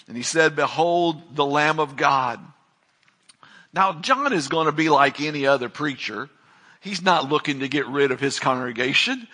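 A man with a higher, bright voice and a forceful tone delivers a sermon as a pastor. He reads a Bible passage aloud, prays, and then preaches with growing emphasis.

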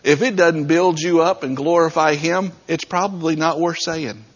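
A man's voice: fairly high pitch, steady tone, normal speed, dull audio. A man preaching a sermon as pastor, talking straight to his congregation in a conversational way.

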